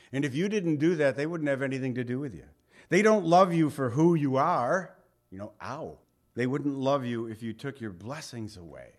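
A man preaching a sermon in a conversational way, reading scripture aloud and slipping in folksy asides and jokes. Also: mid-range voice. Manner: reads scripture aloud in King James wording. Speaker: pastor.

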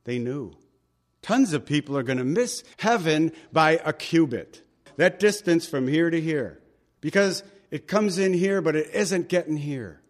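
A man's voice: on the high side, lively intonation, measured pace. A male pastor giving a verse-by-verse Bible teaching sermon, conversational and emphatic, with chatty asides to the congregation.

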